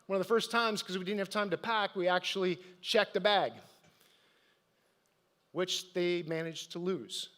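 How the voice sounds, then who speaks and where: A man's voice: sits high, unhurried, pauses often, pushed and bright. A middle-aged man giving a live motivational talk to an audience, telling personal stories and asking the crowd questions. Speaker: motivational speaker. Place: event stage.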